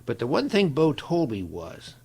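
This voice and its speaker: An older man from Ohio, a guest on an interview show, telling stories in an animated way and acting out the voices of people he quotes. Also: mid-range voice, moderate pace, gravelly, husky. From Ohio, USA. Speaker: guest, longtime football equipment manager. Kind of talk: storytelling interview.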